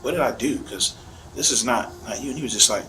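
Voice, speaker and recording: A man's voice: mid-range voice, fast, bright, forceful tone, slight background noise, low-quality recording. A man, a father, casually and emotionally recounting events in a police interview. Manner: casual, rambling, emotional retelling.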